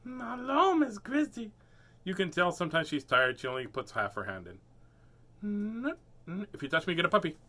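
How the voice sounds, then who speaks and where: Goofy, lively man hosting a kids' show. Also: high-pitched, normal speed. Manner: goofy, sing-song, laughing often. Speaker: host reading children's books. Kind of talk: playful live-stream chat.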